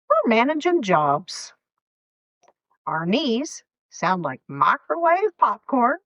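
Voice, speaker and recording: A woman's voice: a little high, a bit bright, no room sound, highs cut off. A woman in her fifties with a Southern US accent, hosting a sarcastic comedic monologue and slipping into mock quotes as she tells her stories. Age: 50s. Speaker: podcast host.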